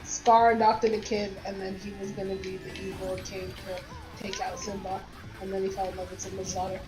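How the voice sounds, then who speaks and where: A woman's voice: mid-range voice, moderate pace. A woman chatting with friends while gaming, retelling a movie plot and swearing casually. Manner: animated storyteller, swears casually. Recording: roomy sound with game music.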